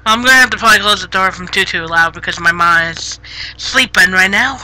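A woman streaming live on a headset, chatting casually with viewers, giggly and easily flustered, gently scolding chat when it gets rude. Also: mid-range voice, fairly quick, low-quality recording. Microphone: gaming headset.

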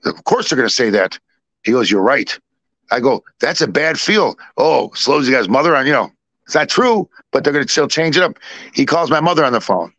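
A man's voice: mid-range voice, expressive, a little fast, fairly bright tone, no echo. A middle-aged man telling a rambling family story in casual chat, acting out the voices of the people in it. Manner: rambling, repeats himself, acts out both sides of dialogue. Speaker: podcast co-host.

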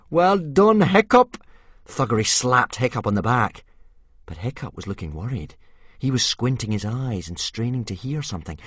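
A man narrating an audiobook with vivid, dramatic storytelling that drops to a hush in tense moments. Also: deep voice, slightly rough, dry recording, clean studio sound.

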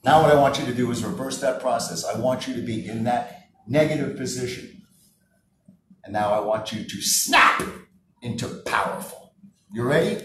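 A man leading a live public speaking workshop, very animated and moving from soft talk to shouting. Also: medium pitch, normal speed, a little hiss or hum. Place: workshop room with an audience. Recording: roomy sound from a distance, faint ambience.

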